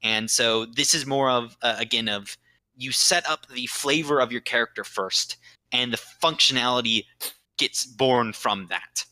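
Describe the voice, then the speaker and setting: A man walks his players through a tabletop game's rules in a relaxed podcast chat. His voice is very bright and sits close and dry on the mic, and he pads his explanations with lots of "um"s before punching a point. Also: mid-range voice, unhurried, no room sound, rough recording. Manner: explanatory, many fillers, bursts of emphasis. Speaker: game master explaining rules.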